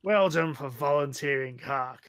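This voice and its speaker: A man's voice: a little high, measured pace, fairly bright tone, clear, resonant tone. A man voicing a cold, mocking male hobgoblin commander who gives orders in a tabletop game.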